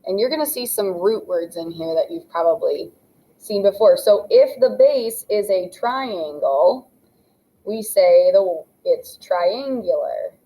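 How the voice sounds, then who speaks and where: A woman's voice: medium pitch, lively intonation, takes it slowly, mellow, poor audio. Young adult female math teacher, patient, step-by-step classroom explainer. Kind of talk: classroom lesson narration.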